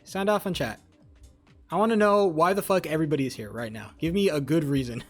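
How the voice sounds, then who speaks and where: A man's voice: on the high side, brisk, soft background music. A young man chatting casually with his live-stream viewers, rambling, swearing and joking as he reads chat. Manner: rambling, profane, jokey, talks to chat.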